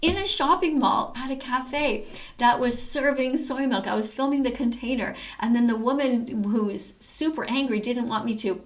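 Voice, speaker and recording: A woman's voice: a little high, moderate pace. A woman hosting casual commentary over activist videos, talking in an emphatic, enthusiastic way. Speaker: host reacting to activist videos.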